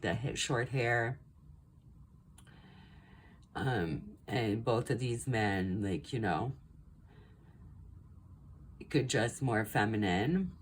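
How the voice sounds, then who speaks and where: A woman's voice: deep voice, slight background noise. A young woman giving a casual pick-a-card tarot reading, rambling and chatty with lots of ums and likes. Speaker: tarot reader.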